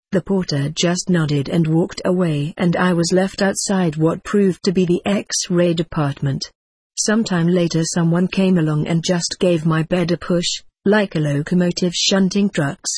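A man's voice: high voice, a little mellow, slightly rough, dry recording. A man reading a first-person memoir in a dry, wry storytelling manner.

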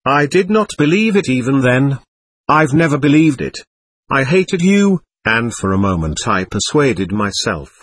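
A man's voice: mid-range voice, sing-song, measured pace, husky. A man voicing a proud, anguished young woman in an audiobook reading, intense and wavering between love and bitterness. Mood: impassioned.

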